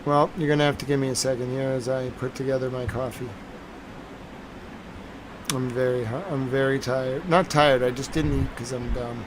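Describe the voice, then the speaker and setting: A man's voice: medium pitch, steady tone, normal speed, noisy background. A tired man hosting a live stream, chatting casually and rambling to his viewers.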